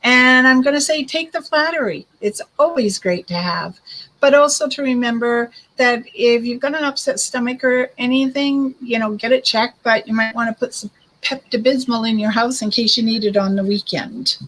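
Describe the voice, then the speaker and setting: On a live stream she hosts, this woman reads cards for viewers in a chatty, reassuring manner, addressing them as hun and girl. She's a psychic card reader with a somewhat high, slightly bright voice at normal speed, heard through poor audio.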